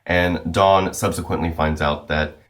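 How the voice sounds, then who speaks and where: Low-voiced man chatting casually. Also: steady tone, measured pace, a bit bright. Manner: loose and chatty, full of "like" and "you know". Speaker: comic book reviewer. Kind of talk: casual recap chat.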